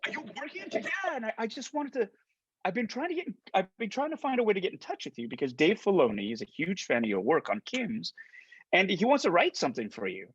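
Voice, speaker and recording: A man's voice: sits high, fast, breathy edge, no room sound, highs cut off. A middle-aged man from Canada, a guest on a video call interview, telling stories with stammering restarts and acted-out dialogue. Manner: animated, stammering restarts, acts out quoted dialogue. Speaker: actor and guest. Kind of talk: casual interview storytelling.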